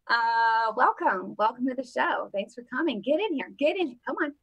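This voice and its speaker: A woman's voice: fairly high pitch, expressive, moderate pace, few pauses, fairly bright tone, slightly rough, poor audio. Woman, live-stream host, casual chat, upbeat, talks to viewers, standard accent, desk mic. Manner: chatty and upbeat, talking straight to viewers. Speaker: host of a live political show.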